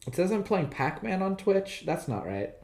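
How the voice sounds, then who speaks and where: A man co-hosting a casual game stream, laid-back and laughing often with halting restarts. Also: high-pitched, very animated, a little mellow. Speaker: streamer, co-host. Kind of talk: casual gameplay chat.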